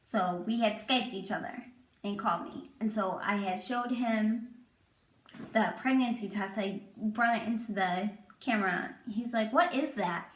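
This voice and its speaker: A woman's voice: medium pitch, fairly even intonation, measured pace. A young woman telling a personal story to camera in a casual, rambling way, full of "like.". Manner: chatty, rambling, lots of "like". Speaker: vlogger. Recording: echoey room.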